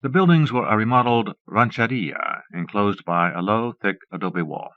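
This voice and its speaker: A man with a low voice reads a story aloud steadily and in measured phrases. The recording comes from a dull old cassette and sounds close and dry. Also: dry recording. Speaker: audiobook narrator. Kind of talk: audiobook narration.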